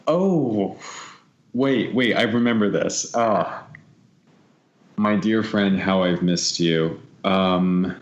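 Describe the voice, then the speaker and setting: A man co-hosting a podcast in casual chat, apologetic and excitable, laughing often. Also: low-pitched, very slow, muffled recording. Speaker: podcast co-host. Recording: echoey room.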